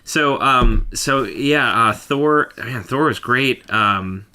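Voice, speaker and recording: Bright-voiced rambling podcast guy. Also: mid-range voice, slow. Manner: rambling, laughs often, lots of fillers. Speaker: band member co-hosting a podcast. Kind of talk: casual chat.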